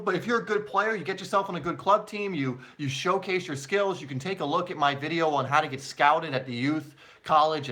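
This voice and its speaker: A man's voice: on the high side, pushed and bright. A man hosting a live question-and-answer stream for his soccer channel, chatting casually with viewers and using many fillers.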